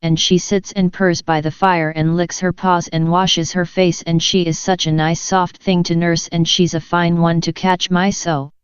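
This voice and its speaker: A woman's voice: lowish voice, level tone, moderate pace, few pauses, clear, resonant tone, no echo, close to an everyday voice. A woman voicing a polite, chatty young girl in a storybook reading, rambling eagerly and apologizing. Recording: dull lo-fi dry recording.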